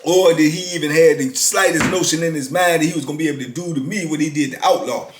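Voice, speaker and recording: A man in his fifties casually telling a story from his past in a laid-back, drawn-out way, often dropping "man" into his sentences. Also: a little high, slight background noise. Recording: roomy echo.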